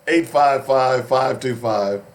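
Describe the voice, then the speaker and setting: A man hosting a call-in radio show in a studio, loose and chatty, laughing often and filling pauses with "uh". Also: mid-range voice. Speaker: radio talk show host. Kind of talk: casual call-in radio talk. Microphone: studio microphone.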